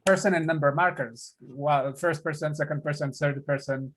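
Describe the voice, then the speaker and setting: A man with an Ethiopian accent leads a one-on-one language lesson on a video call. His voice sits a little high for a man, and he repeats each word slowly and patiently for his student. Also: steady tone. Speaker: language teacher.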